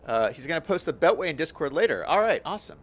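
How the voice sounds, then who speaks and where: A man's voice: on the high side, big pitch swings, quick pace, fairly bright tone. A young man giving casual gameplay commentary, upbeat and chatty, thinking aloud as he plays. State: hiccups. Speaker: gaming YouTuber.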